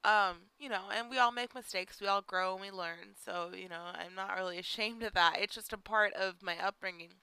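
A woman's voice: medium pitch, brisk, few pauses, bright, forceful tone, clear, resonant tone, no echo, poor audio. A young woman telling a personal story in a casual podcast chat, full of "like" and "you know.". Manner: chatty, lots of "like" and "you know". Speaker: podcast host.

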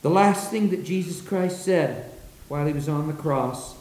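A man preaching a sermon, dramatic, dropping low and soft when he quotes. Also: moderate pace. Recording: roomy echo.

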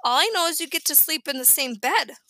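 A woman's voice: high voice, expressive, a little fast, bright, forceful tone, dry recording. A woman reading aloud, voicing a jolly, joking old grandfather in a storybook.

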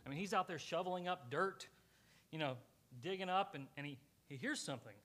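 A male pastor preaching a sermon, telling the story with animated energy and acting out the characters. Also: high voice, brisk.

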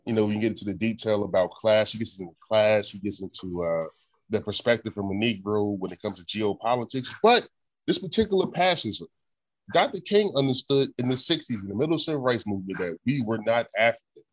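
An American man hosting a casual discussion, animated and prone to repeating himself. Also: fairly low pitch, brisk, no echo. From United States.

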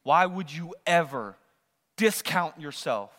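High, bright-voiced preacher man in a hall. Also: lively intonation, slow pace. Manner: swings between loud rising questions and hushed asides. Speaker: pastor. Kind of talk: sermon. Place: church sanctuary.

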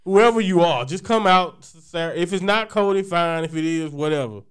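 Man, podcast co-host, casual rambling chat, jokey, resonant clean voice, a little higher. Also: normal speed, fairly bright tone, smooth. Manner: joking, rambling, laughs often.

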